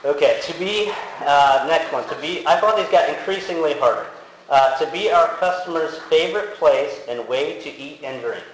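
A man's voice: on the high side, moderate pace. A man giving a casual, conversational sermon, with many fillers and restarts as he talks to the congregation. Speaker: preacher. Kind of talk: casual sermon with audience quiz. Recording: very echoey hall with faint ambient noise.

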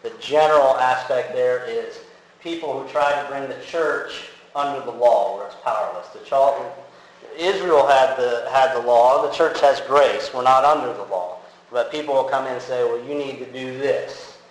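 A man's voice: mid-range voice, normal speed. Man preaching in a very echoey hall. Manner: conversational, many fillers and restarts. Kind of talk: casual sermon with audience quiz. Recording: very echoey hall with faint ambient noise.

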